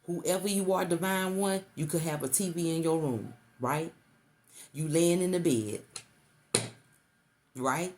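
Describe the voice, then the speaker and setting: Low voiced woman reading tarot cards to the viewer, keeps saying baby, bit of hiss behind. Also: a little slow, pauses often. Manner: repetitive, coaxing, calls listener baby. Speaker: tarot reader.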